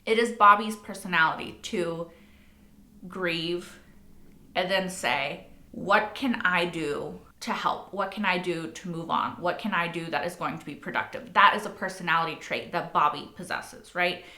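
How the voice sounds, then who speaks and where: A woman's voice: fairly low pitch, moderate pace, bright, forceful tone. A young woman hosting a reaction video, talking casually and swearing freely, with a lot of likes and rights. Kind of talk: casual spoken commentary. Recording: echoey room.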